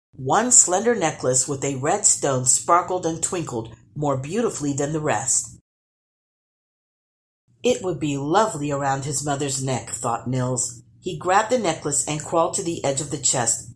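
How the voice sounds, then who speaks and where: A woman storyteller reading a children's storybook aloud with expressive, animated narration. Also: low voice.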